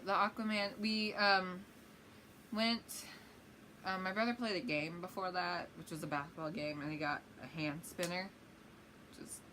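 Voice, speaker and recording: A woman's voice: lowish voice, sharp tone, a little hiss or hum. A woman vlogger telling a rambling, chatty story-time tale.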